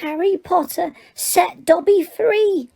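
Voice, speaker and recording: A woman voicing a small, shrill, fiercely loyal male house-elf in an audiobook, speaking slowly and emphatically. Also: vocal fry, mellow, full character voice. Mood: earnest. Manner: slow, emphatic, speaks of himself by name. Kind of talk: audiobook character voice.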